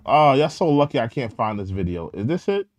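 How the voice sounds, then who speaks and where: A man's voice: medium pitch, sing-song, a little fast, no room sound. A young man hosting an opinionated commentary show, ranting in an indignant, repetitive way. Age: young adult.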